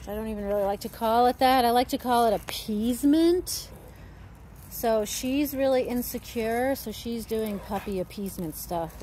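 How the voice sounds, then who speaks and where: A woman's voice: fairly high pitch, normal speed, mellow, a little hiss or hum. A woman dog trainer giving casual commentary on two dogs at play, gushing and talking to them in a sing-song voice.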